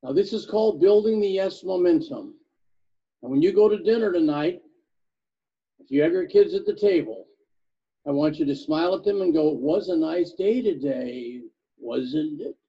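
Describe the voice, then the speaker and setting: A man's voice: sits high, normal speed, pauses often, muffled recording. A man teaching a sales seminar, playful as he drills his audience with questions. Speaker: sales trainer.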